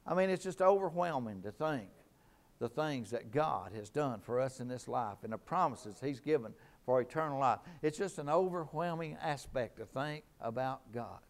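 A man's voice: medium pitch, animated, normal speed. A middle-aged man preaching a sermon in a fervent, emphatic way, repeating his key lines.

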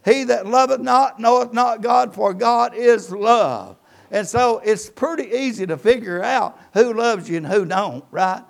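A pastor delivers a church sermon, his voice pitched high for a man and full of gravelly fry. He quotes scripture and swells and drops his emphasis as he preaches. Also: unhurried. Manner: preaching with rising and falling emphasis, quoting scripture.

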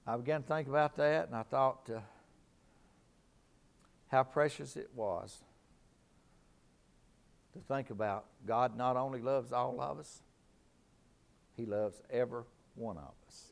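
A man's voice: mid-range voice, a little slow, gravelly, long pauses. A middle-aged man preaching a sermon in a fervent, emphatic way, repeating his key lines.

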